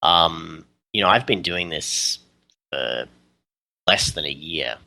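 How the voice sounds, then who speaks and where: A man with an Australian accent, a guest in a casual podcast interview, talking in an easygoing way with frequent laughs and pauses. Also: extremely low pitch, lively intonation, gravelly, sharp tone. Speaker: guest, custom terrain maker.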